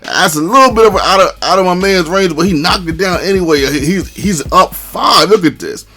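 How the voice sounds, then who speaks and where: A man casually narrating his own basketball video game match, chatty and excitable, peppering his talk with "man". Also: high voice, brisk. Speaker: gaming commentator.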